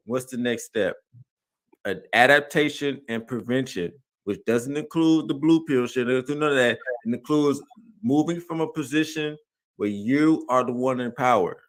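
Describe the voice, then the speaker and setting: Man streamer, mid pitch, relaxed slangy delivery with fillers. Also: moderate pace. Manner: laid-back, slangy, many fillers. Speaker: livestream host. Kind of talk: casual livestream chat.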